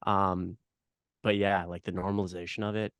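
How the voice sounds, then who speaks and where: A man's voice: low voice, little pitch movement, normal speed, a bit bright, clear, resonant tone, no echo, studio quality. A young man hosting a podcast, chatting casually with lots of fillers, swearing and eager agreement. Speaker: podcast host.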